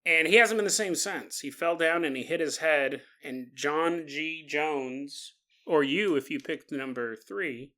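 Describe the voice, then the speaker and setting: Bright-voiced joking podcast host. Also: male voice, on the high side, unhurried. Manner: joking, laughs through his sentences. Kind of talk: comedic storytelling podcast.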